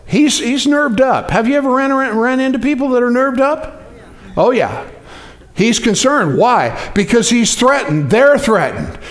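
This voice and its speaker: A male pastor preaching with a strikingly high voice. He talks to his congregation casually, with lots of "you know" and "uh". Now and then he rises into loud, fervent shouts. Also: expressive, a little slow. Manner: folksy preaching, many fillers, rising to shouts. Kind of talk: sermon.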